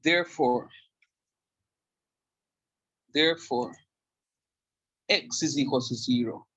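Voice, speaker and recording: Husky-voiced man teaching calculus. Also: medium pitch, slow pace, fairly bright tone, poor audio. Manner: repeats key points emphatically and checks understanding. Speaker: calculus lecturer. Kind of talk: classroom math lecture.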